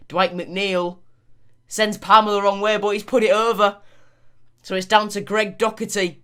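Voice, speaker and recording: Man, video game commentary, animated football play-by-play, lively delivery. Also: sits high, clear, resonant tone. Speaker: gaming YouTuber.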